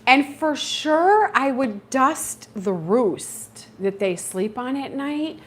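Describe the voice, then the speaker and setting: A woman's voice: high-pitched, slow, a little hiss or hum. A middle-aged woman hosting a homesteading livestream, talking casually and acting out her own reactions as she tells stories. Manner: chatty and animated, acts out her own reactions. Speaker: homesteading channel host.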